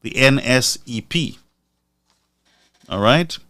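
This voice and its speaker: A man's voice: mid-range voice, animated, slow, sharp tone, dry recording, clean studio sound. A man from Lucia, giving commentary on a live stream and repeating figures for emphasis. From Saint Lucia.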